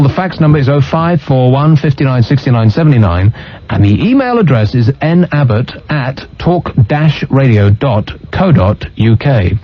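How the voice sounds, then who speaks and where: A man hosting a radio phone-in, dry and teasing with callers. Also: medium pitch. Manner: dry, teasing, mock-sorrowful. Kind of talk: late-night talk radio phone-in. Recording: muffled radio broadcast audio.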